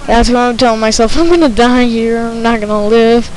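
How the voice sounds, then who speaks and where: A woman narrates her own gameplay for a let's play, jittery and excitable, repeating herself when things get tense. Her voice is on the high side and brisk, and the audio quality is poor.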